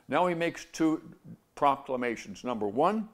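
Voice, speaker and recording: A man's voice: on the high side, sing-song, moderate pace. A man teaching through a Bible passage in an earnest preaching manner, often asking rhetorical questions and pressing key phrases with rising emphasis.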